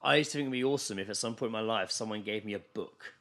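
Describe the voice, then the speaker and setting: Young guy, bright voice, playful storyteller, casual podcast co-host. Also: fairly low pitch, very fast. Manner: jokey, spins comic anecdotes. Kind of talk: casual chat.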